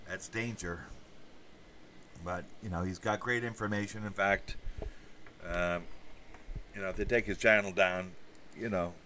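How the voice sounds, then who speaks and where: A man's voice: low-pitched, fairly even intonation, unhurried, long pauses, pushed and bright, recorded from a distance, a little hiss or hum. A man hosting a casual livestream, chatting with viewers in a rambling way and swearing now and then. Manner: rambling, with asides and crude swearing. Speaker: podcast host reading live chat.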